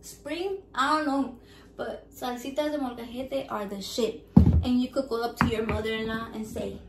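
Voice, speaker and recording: A woman, vlogging casually, loud and profane and mixing with Spanish. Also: on the high side, fairly even intonation, moderate pace. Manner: loud, profane and playful, switching between English and Spanish. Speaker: vlogger running a raffle. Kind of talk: casual vlog chat. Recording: echoey room with faint background noise.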